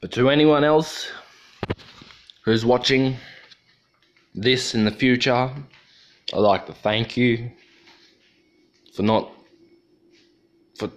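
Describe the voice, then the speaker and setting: A man's voice: mid-range voice, fairly even intonation, takes it slowly, long pauses. An Australian man hosting a livestream, talking in a rambling, profane, joking way. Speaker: livestream host. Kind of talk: casual livestream chat.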